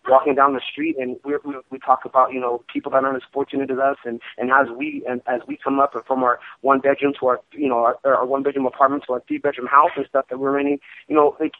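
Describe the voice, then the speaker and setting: Male fighter guest calling in over the phone, quick and rambling. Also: mid-range voice, flat delivery, no room sound. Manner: rambling, repeats "you know what I mean". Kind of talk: casual interview talk. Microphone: phone call. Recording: tinny phone line.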